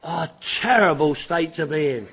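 A man's voice: fairly high pitch, lively intonation, moderate pace, creaky, breathy edge. A man giving a personal recovery testimony at a meeting, rambling and repetitive with stammering restarts. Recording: dull lo-fi recording.

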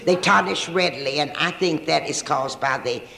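A woman's voice: low-pitched, normal speed, gravelly, sharp tone. An older woman with a drawl shares her personal story at a recovery meeting. Her humor is dry and self-mocking, and her voice rings around an echoey room.

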